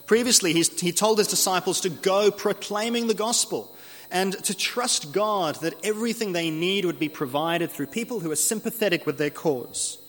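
A man preaching an earnest expository sermon, slowing down to read scripture aloud. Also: sits high. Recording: long hall reverb.

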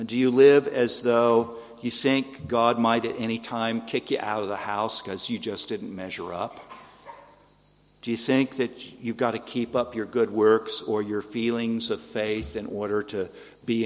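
A man's voice: fairly low pitch, steady tone, unhurried, in a large hall. A man preaching a sermon in an earnest, pleading way, asking the listeners rhetorical questions. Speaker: pastor.

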